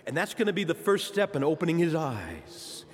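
A man's voice: fairly high pitch, huge pitch swings, normal speed. A man preaching a sermon, addressing the congregation directly with impassioned delivery. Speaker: pastor. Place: church sanctuary. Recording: long church reverb.

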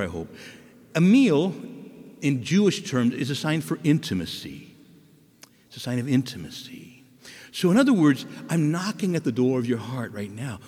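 A man preaching a sermon, animated and asking his listeners questions. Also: medium pitch, breathy edge. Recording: long reverb of a large hall.

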